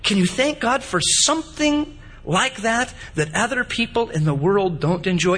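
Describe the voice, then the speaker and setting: High, animated preacher man. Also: normal speed. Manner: animated, repetitive preaching with acted-out anecdotes. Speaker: pastor. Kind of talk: sermon.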